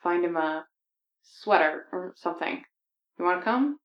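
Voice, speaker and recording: Din, a woman reading as a weary gruff bounty hunter. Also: lowish voice, animated, unhurried. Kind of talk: fan fiction reading. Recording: echoey, dull lo-fi sound.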